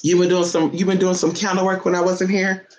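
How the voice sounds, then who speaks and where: A vlogger at home chatting to the camera and a pet dog, cursing freely, calling everyone honey and jumping into a squeaky high voice to tease the dog. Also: flat delivery, fairly quick. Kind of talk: casual, profane home vlog. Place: indoors at home. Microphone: phone or camera set down nearby.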